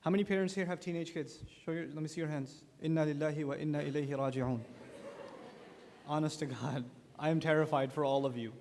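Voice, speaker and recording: Man, conference speaker, religious youth lecture, animated storyteller, high voice, big reverberant hall. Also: fast talker, a little hiss or hum. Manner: animated storytelling with acted-out quotes. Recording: long echo of a large conference hall.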